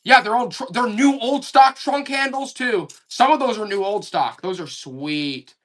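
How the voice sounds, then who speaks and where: A man's voice: high voice, measured pace. Hyped-up male live-auction seller. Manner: excited hype salesman talk. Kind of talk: live selling stream.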